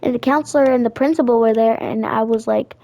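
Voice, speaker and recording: A teenage girl telling a sassy, animated story while chatting over her gameplay. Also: on the high side, fast talker. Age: teens. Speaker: gaming vlogger.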